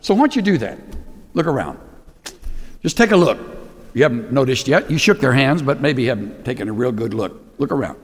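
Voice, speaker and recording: A man preaching a sermon to his congregation, emphatic and animated, acting out little scenes as he goes. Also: medium pitch, brisk. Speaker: pastor. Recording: long reverb of a large hall.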